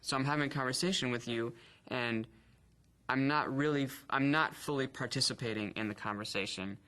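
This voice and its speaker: A man's voice: medium pitch, fairly quick, pushed and bright. A man in his thirties, an actor, telling his own story in a candid, reflective way, with stutter blocks and repeated sounds. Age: 30s. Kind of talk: personal interview testimony.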